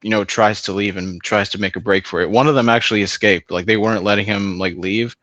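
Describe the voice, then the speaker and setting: A man's voice: on the low side, steady tone, fast, fairly bright tone, no echo. Rambling, cussing man on a stream. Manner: rambling, swears a lot, laughs often. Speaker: stream host. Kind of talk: casual chat.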